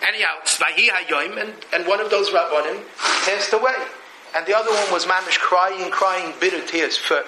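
Bright-voiced man giving a Torah lecture. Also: high voice, moderate pace, a little hiss or hum, low-quality recording. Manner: Yiddish-laced, chanting Hebrew verses, jokey asides. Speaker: rabbi teaching Torah.

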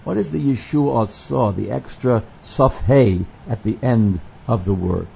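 Male Torah teacher, gravelly and mellow, readings, explanatory lesson delivery, dull lo-fi recording. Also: medium pitch, unhurried. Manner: explanatory, quotes the Hebrew text and then translates it. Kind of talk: verse-by-verse scripture lesson. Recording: dull lo-fi recording with faint noise.

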